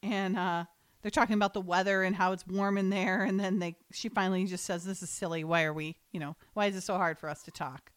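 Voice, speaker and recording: A woman co-hosting a casual talk show, recapping a TV scene and reading its script lines aloud in quick paraphrase. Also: fairly low pitch, fairly even intonation, clear, resonant tone. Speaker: podcast co-host recapping a TV episode.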